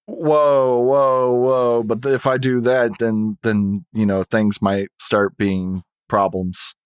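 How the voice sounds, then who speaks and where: A man's voice: mid-range voice, flat delivery, takes it slowly, smooth, dry recording. A man co-hosting a podcast in casual chat, laid-back and rambling with lots of fillers. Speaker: podcast co-host.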